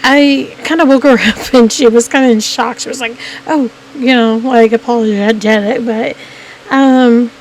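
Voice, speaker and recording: A woman's voice: fairly high pitch, fairly even intonation, normal speed, slight background noise, poor audio. A woman telling a personal story to her viewers in a casual vlog, rambling and restarting her sentences often. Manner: rambling, with frequent restarts and "I mean" fillers. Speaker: vlogger.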